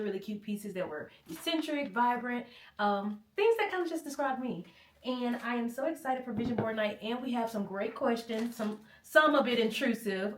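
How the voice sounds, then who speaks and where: A woman's voice: a little high, far from the mic, slight background noise. Chatty woman vlogging in a roomy space. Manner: chatty and playful, laughs often. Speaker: vlog host. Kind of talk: casual chatty vlog. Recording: roomy, from off the mic.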